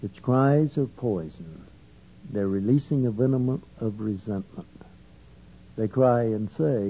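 A man reading an English translation of a Buddhist sermon in an even, measured way. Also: husky. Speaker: interpreter. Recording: dull lo-fi recording with faint rumble.

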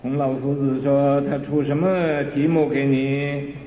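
Slow-paced man telling a story. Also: level tone. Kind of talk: storytelling talk. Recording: tinny echoey hall recording with rumble.

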